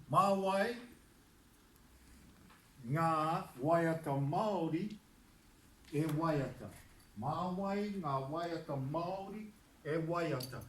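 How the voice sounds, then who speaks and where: A man's voice: a little high, a little hiss or hum. Patient New man teaching a class. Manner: patient, repeats words slowly, switches between English and Māori. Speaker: te reo Māori teacher. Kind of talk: classroom language lesson. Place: church hall classroom. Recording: echoey room recorded from a distance.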